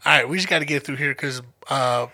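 A young man from Denver telling a profane, animated story in casual podcast chat and acting out the quotes. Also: mid-range voice, quick pace. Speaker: podcast co-host.

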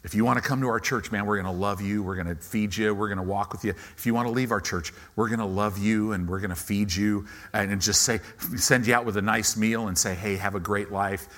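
A male pastor preaching a sermon, telling a personal story, swinging between loud emphatic bursts and quiet asides. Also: on the low side, steady tone, quick pace, few pauses. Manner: preacher's repeated emphatic contrasts.

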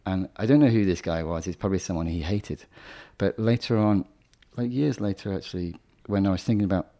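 A young adult man, a poet, answering interview questions in a soft-spoken, hesitant way with frequent restarts. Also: low-pitched, a little fast. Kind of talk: reflective conversational interview.

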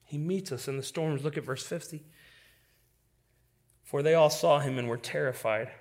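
A male pastor preaching a sermon with passion, swinging from loud declarations to hushed, quiet lines. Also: on the high side, moderate pace.

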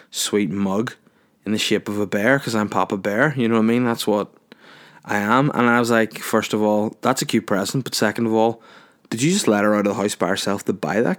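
Sweary lower-voiced man telling stories. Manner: sweary, jokey, acts out both sides of dialogue. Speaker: podcast host, comedian. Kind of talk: casual storytelling monologue.

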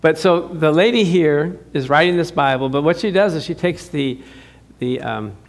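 Man preaching, pastor, middle-aged, somewhat high voice, conversational and emphatic. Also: moderate pace. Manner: chatty, joking with the congregation. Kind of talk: sermon.

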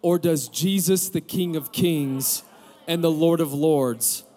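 Man in his forties, pastor preaching, somewhat high voice, candid storytelling, joking asides. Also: slow, dark tone. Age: 40s. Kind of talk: sermon. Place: camp gathering room with audience.

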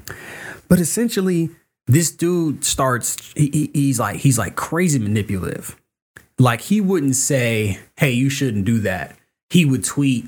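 A man in casual podcast chat, telling a heated story in an animated way, acting out quotes and cursing freely. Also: mid-range voice, unhurried, husky. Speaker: podcast guest, comic creator.

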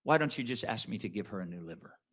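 A man preaching, quoting the calm, gentle voice of God in a lowered, quiet tone. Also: fast.

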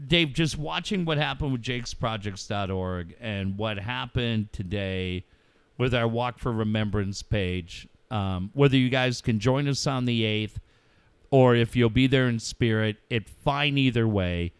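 A middle-aged man hosting a radio talk show, speaking about a personal loss in a heartfelt, halting way and swearing freely. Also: mid-range voice, smooth, no echo. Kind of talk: emotional casual talk.

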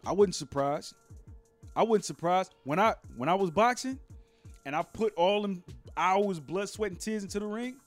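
A man's voice: high voice, normal speed, soft background music. A man co-hosting a casual group podcast, talking bluntly and emphatically with plenty of profanity. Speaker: podcast co-host.

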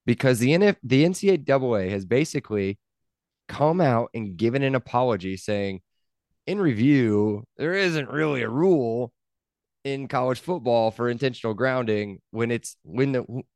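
A man co-hosting a sports podcast, pressing his point again and again in loose, casual chat. His voice sits mid-pitch and the sound is dry and close, with no room around it. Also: animated, normal speed, darkish tone, no echo. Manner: emphatic, repeats himself, argues points. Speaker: podcast co-host.

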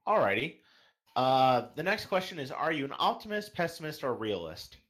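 Host, lively pitch, reads questions, upbeat and casual. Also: moderate pace. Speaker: podcast host. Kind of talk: casual podcast interview.

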